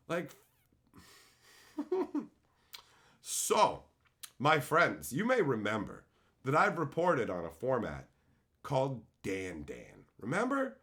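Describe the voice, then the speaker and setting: A man hosting a live stream, telling a story to his chat in a profane, exasperated, animated way and reading out viewer comments. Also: mid-range voice, takes it slowly, pauses often. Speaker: livestream host.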